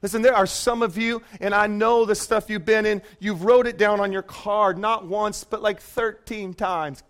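A man preaching a fervent sermon as pastor in a church, moving from quiet asides to shouted commands. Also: sits high, fairly even intonation, moderate pace.

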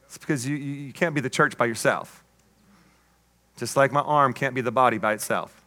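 A man's voice: medium pitch, brisk, bright, forceful tone. A man preaching a sermon as pastor, emphatic, with call-and-response asides and playful jokes.

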